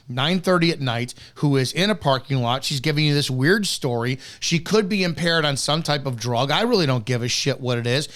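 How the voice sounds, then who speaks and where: A man with a somewhat high-pitched voice gives heated, profane commentary on police footage. He talks bluntly and cuts in sharply. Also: a bit bright. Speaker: host reviewing police footage.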